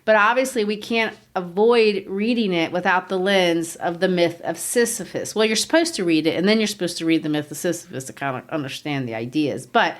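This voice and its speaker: A woman co-hosting a literature podcast, explaining ideas earnestly with rhetorical questions and easy laughs. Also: lowish voice. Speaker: podcast co-host. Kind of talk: conversational literature discussion.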